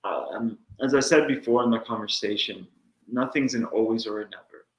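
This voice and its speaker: A man's voice: lowish voice, normal speed, reverberant, low-quality recording. A man chatting as a show guest, earnest and reflective, sometimes acting out little inner voices. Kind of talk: casual chat.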